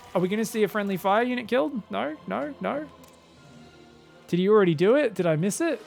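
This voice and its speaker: A man casting viewer-sent game replays in a casual, joking commentary style, often laughing and getting excited. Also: high voice, vocal fry. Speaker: game caster.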